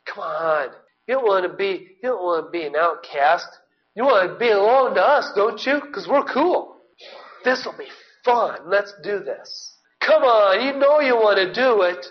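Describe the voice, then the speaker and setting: A mocking, high-pitched gang of young men goading a friend, pushy and loud , as a preacher acts them out. The sound is dull and lo-fi. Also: male voice, lively intonation, a little slow. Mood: taunting. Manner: mocking, coaxing, jeering. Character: taunting group of young men, peer pressure.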